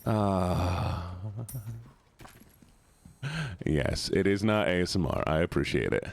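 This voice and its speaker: Man, game streamer, live chat, lively swooping pitch, excitable, curses a lot, repeats words. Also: takes it slowly, vocal fry, slight background noise. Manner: excitable, swears often, repeats words in bursts.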